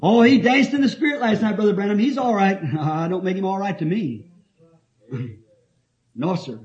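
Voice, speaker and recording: A man's voice: high-pitched, moderate pace, darkish tone. A man preaching a sermon, reading scripture and telling stories in an emphatic way, often laughing. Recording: dull lo-fi old tape.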